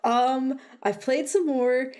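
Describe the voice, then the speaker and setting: A woman's voice: sits high, fairly even intonation, a little mellow. A woman co-hosting a casual podcast, teasing her co-host and giving game updates. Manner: teasing, quick to laugh, dry jokes.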